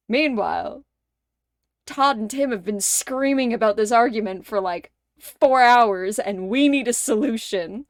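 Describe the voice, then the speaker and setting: Young woman streamer with a bright, high voice and dry close sound; tells animated stories while playing and breaks into laughter. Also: measured pace, dry recording. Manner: animated storyteller, acts out quoted lines, laughs often. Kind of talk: casual livestream chat while gaming.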